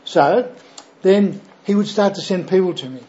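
A man's voice: high voice, normal speed, mellow, highs cut off. An older Australian man, a pastor, telling his personal testimony in a chatty, rambling way with frequent fillers and "right?" tags.

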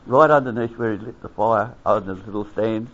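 A man's voice: on the low side, brisk. An older Australian man, an army veteran, telling a rambling anecdote with chuckles, acting out the quoted voices. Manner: chuckling, acts out quoted voices, lots of fillers. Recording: dull lo-fi recording.

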